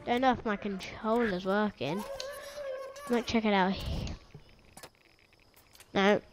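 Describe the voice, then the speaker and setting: A woman's voice: medium pitch, steady tone, slow pace, soft background music. A woman hosting a gaming channel, giving playful commentary over her match and teasing her teammates. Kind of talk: gameplay commentary.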